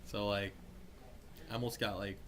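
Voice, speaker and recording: A man's voice: on the low side, flat delivery, moderate pace, crowd noise. A young man telling a rambling story to friends, loose and profane, with many fillers. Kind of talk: casual story among friends.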